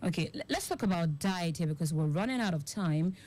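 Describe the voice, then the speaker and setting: A woman's voice: lowish voice, lively intonation, brisk, darkish tone. A woman with a Nigerian English accent hosting a radio health interview, asking long, winding questions full of fillers. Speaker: radio show host.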